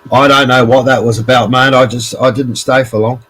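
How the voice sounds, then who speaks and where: A man's voice: medium pitch, flat delivery, a little fast, a bit bright, breathy edge, poor audio. A man hosting a live stream, chatting casually in a blunt, rambling way with plenty of fillers. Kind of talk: casual chat. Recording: faint background noise.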